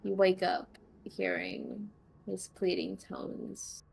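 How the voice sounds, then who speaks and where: Gravelly slow-talking woman game master. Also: mid-range voice, level tone. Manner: slow, hushed dream narration. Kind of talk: narrating a tabletop game.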